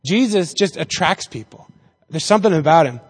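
A man's voice: on the high side, expressive, a little fast, slightly rough. A man giving a casual, joking Bible lesson to a group, acting out the people in the story as he goes. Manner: chatty and jokey, acting out voices in the story. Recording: reverberant hall.

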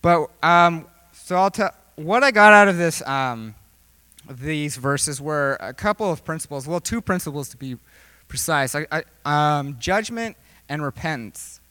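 A man's voice: a little high, animated, a little slow, sharp tone, clean tone, dry recording. A young man preaching a casual, joking sermon, rambling with lots of fillers. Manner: rambling, filler-heavy, jokey. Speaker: youth preacher.

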